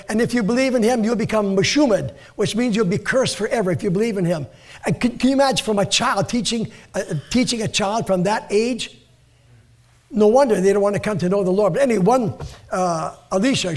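An older man, a pastor, preaching a sermon in a church and reading scripture slowly and earnestly. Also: high voice, darkish tone. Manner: earnest, repeats words, reads scripture slowly. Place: church sanctuary.

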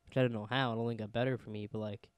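A man's voice: mid-range voice, flat delivery, racing, clear, resonant tone, dry recording. A man co-hosting a casual podcast, chatty and rambling, laughing often. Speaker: podcast co-host. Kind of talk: casual chat.

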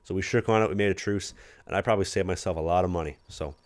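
A man's voice: deep voice, rapid-fire. A young man with a Canadian accent, a pro hockey rookie co-hosting a podcast, rambling through anecdotes and acting out his teammates. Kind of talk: casual storytelling chat.

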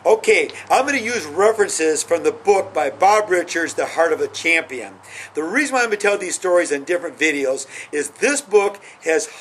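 A man's voice: a little high, a little hiss or hum, poor audio. A middle-aged man hosting his own videos, telling sports stories in a rambling, casual way and repeating "anyhow" as he goes. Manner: rambling, repeats "anyhow", acts out quotes with a rising excited voice. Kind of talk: casual storytelling monologue.

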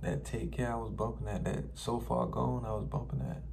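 A man's voice: medium pitch, fairly even intonation, fairly quick, creaky, darkish tone, slight background noise. A man from New Orleans hosting a music reaction, chatting casually to viewers and repeating lines he likes.

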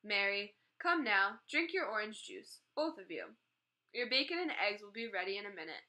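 A woman's voice: medium pitch, animated, moderate pace, pushed and bright. A woman voicing a kind, patient mother who mildly scolds her children. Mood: soothing.

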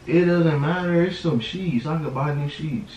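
A man's voice: on the high side, moderate pace, darkish tone, roomy sound, lo-fi sound, slight background noise. A young man at home, talking with urgent insistence and repeating himself. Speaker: boyfriend. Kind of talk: casual talk at home.

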